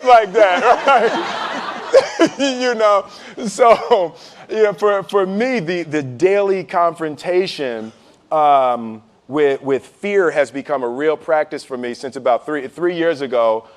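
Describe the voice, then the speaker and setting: A man's voice: fairly high pitch, takes it slowly. A man telling a personal story in a casual talk, acting out bits of dialogue and checking in with "right?" often. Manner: animated, acts out dialogue, frequent "right?". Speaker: speaker.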